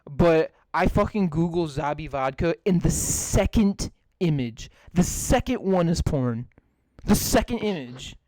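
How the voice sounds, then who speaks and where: A man's voice: a little high, expressive, unhurried, darkish tone, no echo. A man hosting a casual podcast, ranting in exasperation and swearing a lot as he talks. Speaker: podcast host. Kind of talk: casual profane podcast chat.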